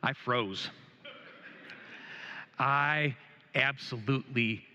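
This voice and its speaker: A middle-aged man preaching a sermon as a pastor, telling a gently humorous story with many hesitations and restarts. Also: medium pitch, very slow, in a large hall, dull audio, slight background noise. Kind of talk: sermon with personal anecdote. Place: church sanctuary.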